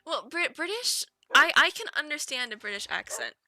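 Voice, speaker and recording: This young Eastern Canadian woman's voice sits high with a sharp tone and is very animated, moving at a moderate pace. Chatting casually while streaming a game, she laughs often and tells rambling, giggly stories.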